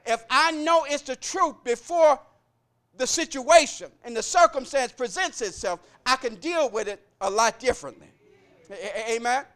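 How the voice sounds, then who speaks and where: A man's voice: extremely high pitch, animated, normal speed. A man preaching a sermon in a church, repeating lines in rhythm and calling out to the congregation. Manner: rhythmic call-and-response preaching that builds to shouting.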